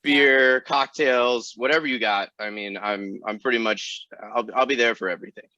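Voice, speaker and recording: A man, a runner being interviewed, who answers with dry, deadpan jokes in casual chat. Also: medium pitch, moderate pace, dry recording, muffled recording. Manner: dry joking, deadpan humor. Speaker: ultrarunner guest.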